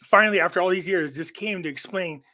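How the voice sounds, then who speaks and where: A man's voice: high voice, fast, a crowd in the background. A man who is a guest on a live online show, telling long stories in a rambling way and often restarting his sentences. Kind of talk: casual chat.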